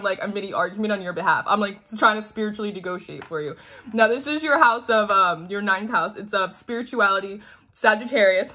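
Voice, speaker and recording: A woman giving a casual tarot reading in a chatty, animated way, acting out quoted voices and laughing often. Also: on the high side. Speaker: tarot reader.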